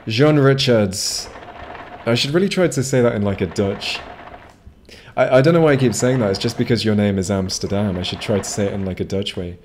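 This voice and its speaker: A man's voice: lowish voice, brisk, a little mellow, slight background noise. A man casually commenting while streaming a video game, rambling with self-mocking jokes and asides to chat. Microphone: desk microphone.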